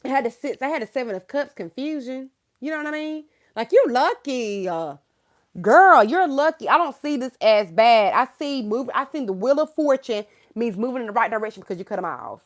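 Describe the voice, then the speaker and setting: A woman's voice: on the high side, expressive, fairly quick. A woman in her thirties giving a live tarot reading, talking frankly and laughing often as she calls the viewer girl. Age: 30s. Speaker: tarot reader.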